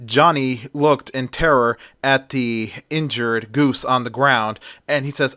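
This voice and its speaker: A man narrates his own fan story in a plainspoken, run-on way, joining events with "and then." His voice is bright. The recording is dry and close. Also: medium pitch, takes it slowly, hardly any pauses, dry recording.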